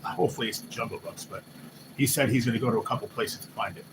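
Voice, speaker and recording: Excitable male livestream host, noisy room. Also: medium pitch, rapid-fire. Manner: loose, excitable, swears casually, quotes others in lifted voices. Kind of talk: casual live-stream chat. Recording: noisy background hum.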